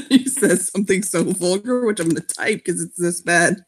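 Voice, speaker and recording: A woman's voice: lowish voice, normal speed, husky. A woman narrating a text role-play aloud, laughing often and swearing in a dramatic way. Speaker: player.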